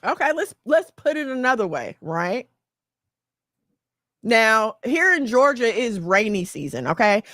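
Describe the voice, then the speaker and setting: Woman host, preachy and emphatic, high voice, dry close sound. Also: a little slow, no room sound. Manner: emphatic and preachy, lively storytelling. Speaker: podcast host. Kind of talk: casual advice talk.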